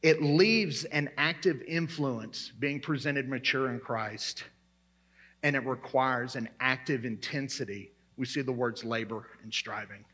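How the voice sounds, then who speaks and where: A man's voice: medium pitch, measured pace, bright, forceful tone, slightly rough. A man preaching a sermon as pastor, emphatic and repeating his key words.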